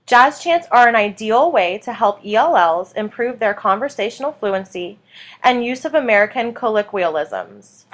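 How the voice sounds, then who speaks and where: A woman explaining a classroom technique in scripted instructional narration, clear and measured. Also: a little high, expressive. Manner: clear, measured, stressing each word in the chants. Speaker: teacher.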